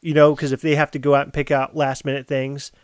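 A man from co-hosting a casual podcast, telling stories in animated, profane bursts. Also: on the high side, fast talker, no echo, clean studio sound. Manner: animated storytelling, swearing, loud bursts. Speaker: podcast co-host.

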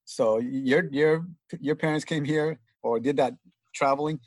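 A man's voice: a little high, measured pace, no echo. A man from Mexico in a casual group discussion, sharing a personal story with some hesitation. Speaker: panelist.

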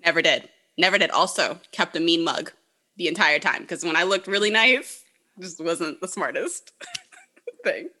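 A woman's voice: lowish voice, moderate pace. A woman chatting casually, telling stories animatedly with lots of fillers and laughter. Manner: animated storyteller, frequent laughs, filler-heavy. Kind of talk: casual chat.

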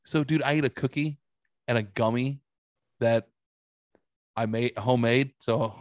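This is a man with a mid-pitched voice, chatting on a casual podcast and telling stories with lively, animated energy. He swears freely. The recording is dry and close, with no room echo. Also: a little slow. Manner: animated storytelling, swears a lot. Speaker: podcast host.

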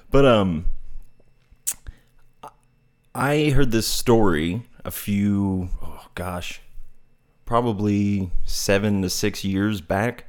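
A man's voice: on the low side, very slow, long pauses. A man giving a casual, reflective talk, telling a parable in a meandering, thoughtful way and searching for his words. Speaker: speaker on non-duality.

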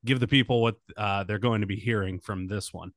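Low-voiced man hosting a podcast. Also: steady tone, a little fast, dry recording, clean studio sound. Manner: rambling with many fillers. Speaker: podcast host. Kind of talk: casual comedic podcast chat.

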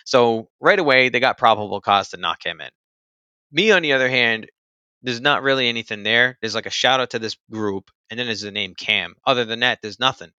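In a smooth mid-range voice that's pushed and bright, a man briskly relates something from his own life in relaxed, filler-heavy chat, leaning on "like" and "you know." No room sound is audible.

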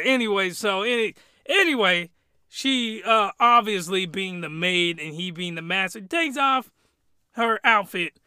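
High, very bright ranting man. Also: expressive, unhurried, smooth, no echo, studio quality. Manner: rambling, exclamatory, loose and colloquial. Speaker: anime reviewer. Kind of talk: comedic review rant.

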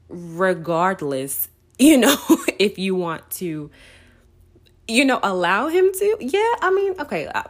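Chatty woman talking about faith, lowish voice. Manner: conversational, many fillers, laughs often. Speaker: podcast host. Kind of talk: casual faith talk.

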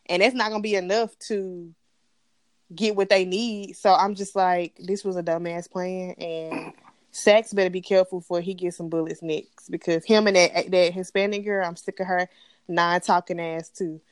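A woman's voice: on the low side, moderate pace, smooth, no echo, clean studio sound. A woman co-hosting a casual TV recap chat, blunt and profane as she rants about the show. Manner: blunt, profane, animated ranting. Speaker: podcast co-host.

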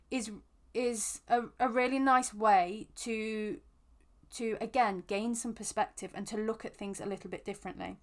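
A woman with a slightly raised pitch talks through a self-help episode as the podcast host. She speaks gently and earnestly, often restarting or repeating words as she thinks aloud. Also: moderate pace. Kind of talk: reflective self-help talk.

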